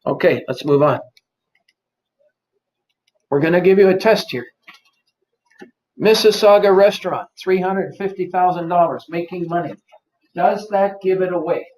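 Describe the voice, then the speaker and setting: In an office seminar room, a man runs a live workshop, quizzing the audience and repeating points to drive them home. His voice is high-pitched and darkish, unhurried with long pauses, and the recording is roomy, distant, and dull lo-fi.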